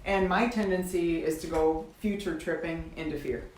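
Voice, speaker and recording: A woman's voice: low-pitched, steady tone, moderate pace, a little mellow, roomy sound, slight background noise, poor audio. A woman co-hosting a faith talk show, coaching listeners earnestly in a casual way.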